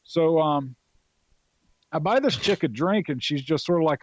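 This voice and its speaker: A man's voice: fairly high pitch, expressive, moderate pace, pauses often, dry recording. A man around forty from North Carolina, a Marine veteran guest telling stories in a loose, profane way with lots of fillers. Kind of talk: casual storytelling.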